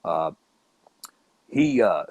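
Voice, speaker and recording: A middle-aged man from Chicago's South Side, telling old neighborhood stories in a casual, animated chat. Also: low voice, extremely slow, no echo. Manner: animated, acts out quoted voices. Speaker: guest storyteller.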